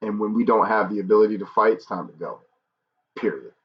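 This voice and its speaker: Candid male streamer, fairly low voice, muffled lo-fi stream sound. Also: a little fast, breathy edge. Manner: earnest, candid, jokes between somber moments. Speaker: YouTube livestream host. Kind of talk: casual livestream talk to viewers. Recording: dull lo-fi stream audio.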